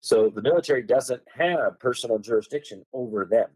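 A man's voice: mid-range voice, brisk, a little mellow, husky, no echo, poor audio. A man explaining law as a podcast guest, reading passages aloud and hammering key words with strong emphasis.

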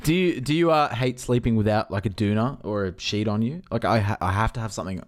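A man's voice: fairly low pitch, fast. A man joining a podcast over a video call, chatting casually in a hesitant, stammering way. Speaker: podcast co-host. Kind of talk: casual chat.

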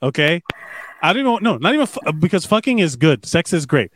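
A man's voice: a little high, big pitch swings, brisk, fairly bright tone. A man co-hosting a podcast in casual, rambling chat, swearing and joking as he reads comments. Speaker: podcast co-host.

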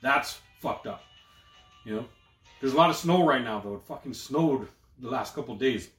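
A man's voice: medium pitch, animated, moderate pace, fairly bright tone, reverberant, faint music behind. A Canadian man co-hosting a podcast, telling loose, profane stories full of slang in casual chat. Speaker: podcast co-host.

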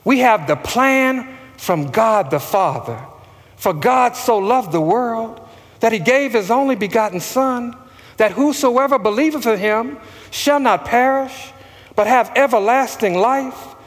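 A man's voice: very high voice, expressive, unhurried, big-room sound. A man preaching a sermon as pastor, calling out questions for the congregation to answer back. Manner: preaching with call-and-response to the congregation.

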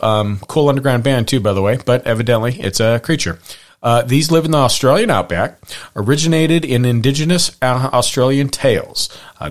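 Male host, casual and rambling, fillers, dry asides, mid-pitched voice. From Pacific Northwest. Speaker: podcast host. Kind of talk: casual chat reading from notes.

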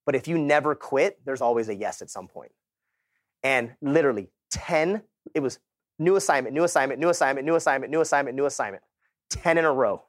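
A man's voice: medium pitch, no room sound, clean studio sound. A man in his thirties from Southern California giving a motivational sales talk, telling his story in casual, slangy words and acting out the people in it. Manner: animated storytelling, acts out quoted people. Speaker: keynote speaker.

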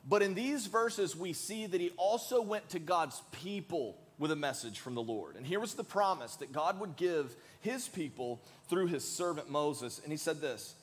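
A man's voice: a little high, expressive, normal speed, few pauses. A man preaching a sermon as pastor in a church, earnest and emphatic, leading the congregation in saying lines together. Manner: earnest, emphatic, leads the congregation in call-and-response. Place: large church sanctuary. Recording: long hall reverb.

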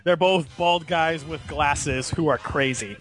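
A man hosting a podcast in casual discussion, animated and laughing often as he retells a story. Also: on the high side, measured pace, faint music behind. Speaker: podcast host.

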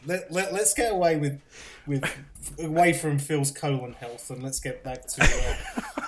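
A man's voice: on the high side, a little slow, very noisy. Chatty man with a drifting British accent. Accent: mixed British and American. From United Kingdom. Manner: chatty storyteller, repeats words when starting sentences. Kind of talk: casual chat.

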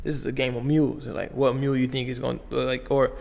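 A man's voice: mid-range voice, flat delivery, fast, creaky, darkish tone, long reverb tail. A young man from Las Vegas, a basketball player telling his story in loose, slangy casual talk full of fillers and restarts. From Las Vegas, USA.

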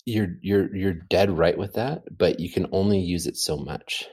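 Deep husky man telling a rambling story. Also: measured pace. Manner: animated storyteller, rambling with many fillers. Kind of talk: casual chat. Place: home.

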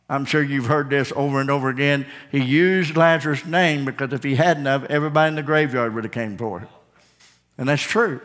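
A man preaching a sermon, calling out to the congregation and building to shouted peaks. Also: a little high, long reverb tail. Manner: preaching with call-outs, building to shouted climaxes.

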